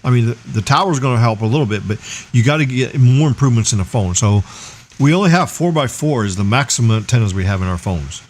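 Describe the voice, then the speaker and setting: A man's voice: medium pitch, animated, fast talker. A man hosting a casual tech livestream, explaining energetically and firing off rhetorical questions. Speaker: livestream host.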